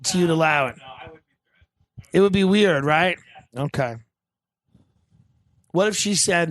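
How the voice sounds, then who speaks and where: A man with a slightly raised pitch hosts a casual comedy podcast. He riffs in a crude, provocative way. The sound is dry and close to the mic. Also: a little slow, long pauses, no echo. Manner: provocative, crude riffing with put-on voices. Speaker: podcast host.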